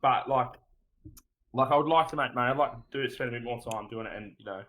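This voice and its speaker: Australian man, podcast guest, relaxed rambling storyteller. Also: mid-range voice, quick pace, rough recording. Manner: laid-back, rambling storyteller who says "mate" a lot. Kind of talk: casual podcast chat.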